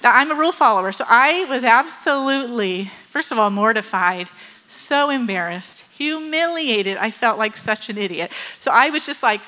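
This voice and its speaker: Bright high-voiced woman telling a story. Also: normal speed, rough recording. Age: adult with children. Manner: animated, acts out quotes, laughs often. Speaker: speaker telling a personal story. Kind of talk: personal storytelling.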